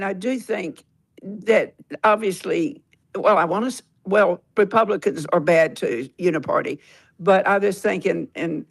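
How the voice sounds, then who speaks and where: Woman caller, gravelly, earnest, halting, rambling. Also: on the low side. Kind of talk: call-in comment on a live audio room.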